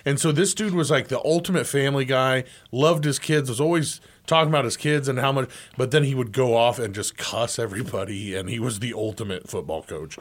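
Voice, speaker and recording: A man co-hosting a sports talk show in casual chat, animated and laughing often. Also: mid-range voice, fairly quick, few pauses. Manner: animated, laughs often, shouts when imitating coaches. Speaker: sports radio co-host.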